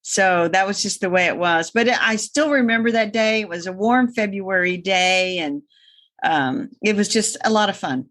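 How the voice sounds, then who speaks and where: Female co-host who spins meandering anecdotes with dry humor, middle-pitched voice. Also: moderate pace, fairly bright tone. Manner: rambling storyteller, wry. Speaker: gardening podcast co-host. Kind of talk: casual chat.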